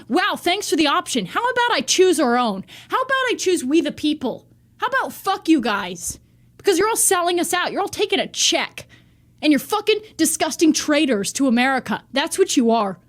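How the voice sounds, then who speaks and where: A woman delivering a heated, profane rant to camera in a vlog monologue. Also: high-pitched. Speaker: vlogger.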